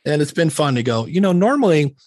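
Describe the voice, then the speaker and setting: A man's voice: fairly high pitch, very animated, a little fast, darkish tone, no room sound, clean studio sound. A middle-aged man talking casually on a podcast, candid and rambling, often acting out conversations he had. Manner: rambling, candid, self-deprecating, acts out quoted exchanges.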